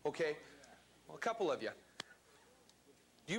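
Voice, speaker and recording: A man's voice: high-pitched, sing-song, a little fast, long pauses, a bit bright. A man giving a motivational seminar talk to a live audience in a seminar room, speaking emphatically and quizzing the crowd.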